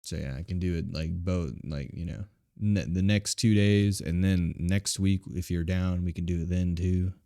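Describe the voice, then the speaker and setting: A man's voice: low-pitched, fairly even intonation, moderate pace, few pauses, mellow, clear, resonant tone, no echo, studio quality. A male streamer chatting casually and playfully as he wraps up a live game stream. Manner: rambling, playful.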